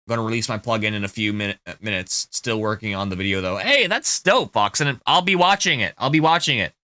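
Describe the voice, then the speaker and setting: A man's voice: on the low side, lively intonation, a little fast, bright, forceful tone, no echo, clean studio sound. A man streaming a game, chatting casually with his viewers in a loose, profane way, full of ums and restarts. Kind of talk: casual live-stream chat.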